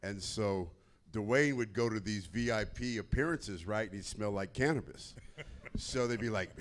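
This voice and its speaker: A man's voice: fairly low pitch, normal speed. A man on a convention panel telling a laid-back story and laughing as he goes. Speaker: wrestler panelist.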